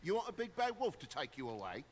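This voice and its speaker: An actor playing a gruff, excitable male toad who is bossy and agitated, in a video game. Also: on the high side, fast, crowd noise. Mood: scolding.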